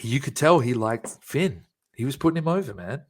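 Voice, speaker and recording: A man's voice: medium pitch, lively intonation, normal speed. A man co-hosting a podcast, giving a profane, laughing play-by-play recap in casual chat. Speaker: podcast co-host.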